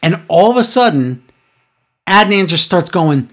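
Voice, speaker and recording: Woman, podcast co-host, casual chat, wrestling recap, sarcastic, exasperated, very lively pitch. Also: unhurried.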